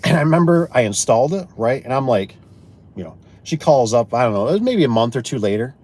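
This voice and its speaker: A man talking straight to his viewers in a loose, folksy way, wandering from one work story to the next. His pitch sits in an ordinary middle range, and he slips into quick bits of dialogue as he tells a tale. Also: very animated, darkish tone. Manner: rambling, folksy, acts out both sides of conversations. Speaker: garage door installer and business owner.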